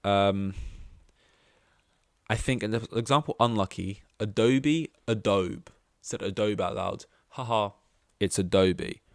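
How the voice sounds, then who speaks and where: A man's voice: fairly low pitch, slow, creaky, no echo, studio quality. A young man hosting a casual solo podcast, rambling and chatty, with self-deprecating asides and lots of fillers. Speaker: podcast host.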